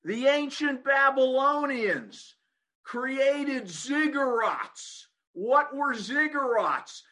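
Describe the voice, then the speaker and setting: A man preaching a sermon, emphatic and full of rhetorical questions, repeating phrases for emphasis and swinging between shouted points and low asides. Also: animated, extremely slow.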